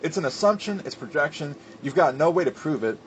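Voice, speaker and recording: A man's voice: on the high side, expressive, brisk, a little hiss or hum. Heated, profane man ranting about wrestling. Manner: filler-heavy with restarts. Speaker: wrestling commentator. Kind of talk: ranting commentary.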